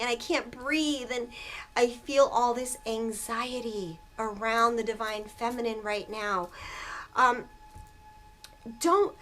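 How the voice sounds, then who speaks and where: Woman, high voice, tarot reader, emotional, earnest, repetitive. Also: steady tone, takes it slowly, a bit bright. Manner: earnest, emotional, repeats herself. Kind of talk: emotional tarot reading to viewers.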